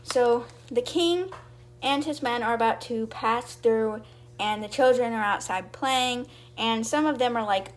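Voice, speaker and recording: A woman's voice: on the high side, moderate pace. A young woman hosting a podcast, casually retelling a book's chapters and briefly voicing the characters' lines. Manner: chatty, acts out quotes in brief voices. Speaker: podcast host retelling a book. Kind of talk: casual storybook recap.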